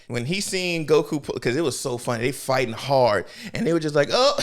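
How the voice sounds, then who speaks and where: A man co-hosting a casual podcast chat, animated and laughing loudly, acting out characters in quick quoted voices. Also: on the high side. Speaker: podcast co-host.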